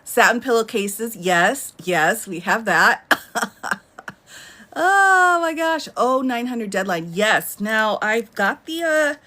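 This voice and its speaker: A woman's voice: medium pitch, sharp tone. A woman in her thirties hosting a casual live stream from home, chatting and laughing often as she answers viewer comments. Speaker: livestream host.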